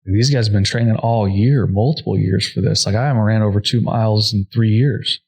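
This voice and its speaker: A young adult man, a podcast guest, earnestly telling a personal story at a quick clip, full of "like" fillers. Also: fairly low pitch, fairly even intonation, vocal fry, darkish tone, slightly rough. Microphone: podcast microphone.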